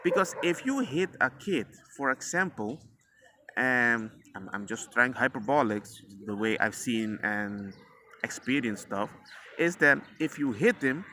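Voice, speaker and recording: Bright-voiced man telling a casual story. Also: medium pitch, animated, unhurried, slight background noise. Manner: rambling and slangy, acting out quotes of himself and his son. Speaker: father sharing parenting experiences. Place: outdoors, near a passing dog walker.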